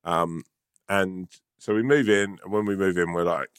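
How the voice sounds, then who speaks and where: A man's voice: deep voice, steady tone, moderate pace, clean tone, no echo, clean studio sound. A man from London telling a long, rambling story in casual chat, swearing freely and restarting sentences often. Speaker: podcast co-host.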